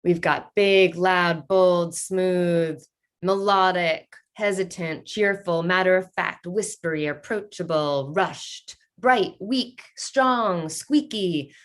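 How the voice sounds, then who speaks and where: Slow, playful woman leading an online workshop. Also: lowish voice. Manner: playful and upbeat, reads chat answers aloud with laughs. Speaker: workshop leader. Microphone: video call.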